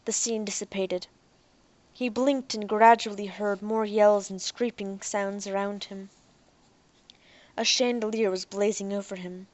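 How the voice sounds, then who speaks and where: A woman narrates a science fiction audiobook in a steady, even voice. Her pitch sits in the middle of the range. The recording is close and dry. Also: no room sound.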